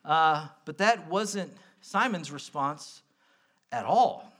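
A male pastor delivers a casual, lively sermon with a high, clear voice. His tone is bright and forward, and he jumps between earnest points and quick, playful asides. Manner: conversational, animated preaching with asides and quick bursts.

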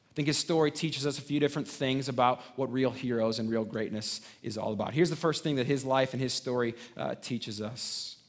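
A pastor delivering a conversational sermon, stumbling over restarts and tossing in tag questions, swinging between loud emphatic points and quiet drops. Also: male voice, medium pitch.

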